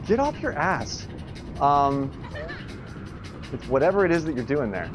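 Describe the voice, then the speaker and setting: Excitable swearing man streaming a game. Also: fairly high pitch, music in the background. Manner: excitable, swearing, quick to laugh and self-critical. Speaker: livestreamer playing an online golf game. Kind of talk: live gameplay commentary.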